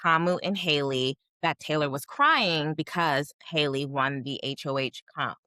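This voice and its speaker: Female co-host, low bright forceful voice, emphatic casual recap, dry sound. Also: animated, measured pace, no echo. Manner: emphatic, rising to pointed questions. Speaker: podcast co-host.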